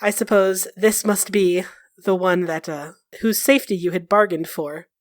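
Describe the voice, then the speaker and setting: A woman voicing a brooding ancient male elf god who talks low, soft and weary. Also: steady tone, moderate pace, dry recording, studio quality, lightly acted. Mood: wounded.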